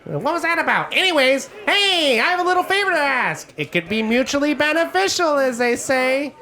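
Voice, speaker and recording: A man voicing an excitable male gnome bar owner who gushes in a high, rapid voice. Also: heavily acted. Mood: gushing. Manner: gushing, rapid, high-pitched.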